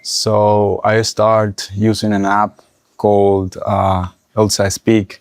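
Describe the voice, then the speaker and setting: A young man from Nicaragua speaking English with a Nicaraguan Spanish accent, a native Spanish speaker telling his story in a casual interview with halting restarts. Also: lowish voice, completely flat delivery, clean tone, dry recording, clean studio sound. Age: young adult. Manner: halting, restarts often while recalling.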